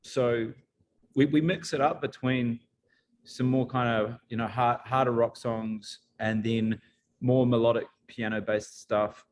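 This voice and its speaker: A New man from a band talks in a stop-start way over a video call, often restarting his sentences. His voice sits at an everyday middle pitch, and faint noise runs underneath. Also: steady tone. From New Zealand. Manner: halting, with many restarts. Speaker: band member. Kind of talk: casual interview chat.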